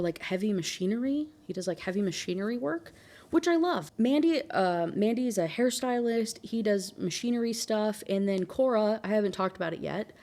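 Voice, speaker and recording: A woman book reviewer giving an animated, casual rant full of exclamations and fillers. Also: mid-range voice.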